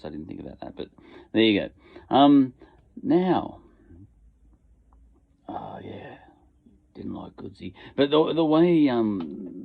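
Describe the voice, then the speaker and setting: A man's voice: low voice, gravelly. An Australian man rambling casually in a home shed, full of fillers and asides. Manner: meandering, many fillers and asides. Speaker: podcast host. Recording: tinny phone-like lo-fi sound.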